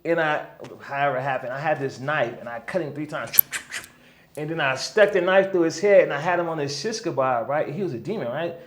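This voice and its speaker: A man telling a story as a guest in a casual interview, animated, often checking in with "right?" and "you know what I'm saying?". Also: on the high side, a little fast, a little hiss or hum. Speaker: guest healer.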